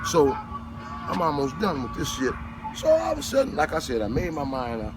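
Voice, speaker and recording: Man, high lively voice, swearing storyteller, music blasting behind. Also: normal speed, poor audio. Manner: animated, profane, laughing storyteller. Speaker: bricklayer telling work stories. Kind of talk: casual storytelling among friends.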